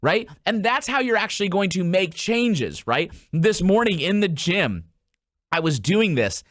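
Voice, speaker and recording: A man's voice: sits high, measured pace, no room sound, studio quality. A man in his thirties hosting a golf podcast, coaching casually and acting out little stories with quoted voices. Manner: animated storyteller, acts out quotes in changed voices.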